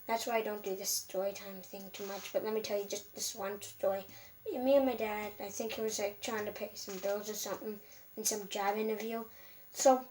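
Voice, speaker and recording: A woman's voice: medium pitch, steady tone, a little fast, a little mellow. A female vlogger telling a casual storytime, rambling and restarting her sentences with many fillers. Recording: voice from a distance with faint background hum.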